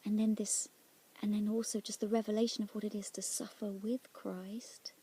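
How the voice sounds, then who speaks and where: A woman telling of a prayer experience in a reflective, halting way, often dropping into near-whispers. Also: medium pitch, little pitch movement, breathy edge. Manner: soft-spoken, drops often into near-whispers; halting and searching, with restarts. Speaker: Christian speaker sharing a prayer experience. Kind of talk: reflective personal testimony.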